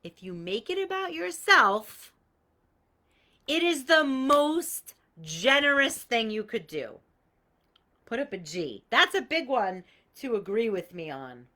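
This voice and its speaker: Slightly high with big pitch swings, this woman's voice is slow, pushed and bright. She hosts a live coaching call in a casual stream style, speaking bluntly with free swearing, everyday examples and greetings to viewers by name.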